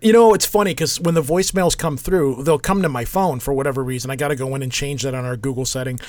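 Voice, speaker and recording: A man's voice: mid-range voice, fast talker, no room sound. A man co-hosting a casual podcast, telling a rambling story and joking along. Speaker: podcast co-host.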